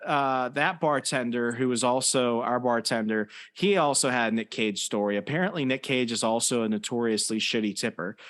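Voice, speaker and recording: A man's voice: medium pitch, fairly bright tone. A man hosting a casual podcast chat, telling stories in a rambling way with lots of fillers and restarts. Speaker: podcast host.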